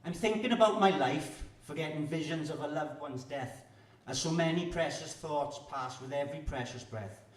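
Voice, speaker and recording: A man's voice: a little high, normal speed, hardly any pauses. A man from Wales, performing his own rhyming poems aloud. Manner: rhythmic rhyming recitation. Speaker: performance poet. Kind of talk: poetry performance. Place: live venue with audience. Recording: echoey room, distant mic.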